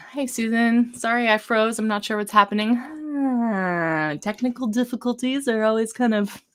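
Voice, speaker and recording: A woman coaching a vocal warm-up over a live stream, her voice sitting a bit high. She guides the exercises gently and encouragingly, speaking casually with the odd um and restart. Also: little pitch movement, fairly quick.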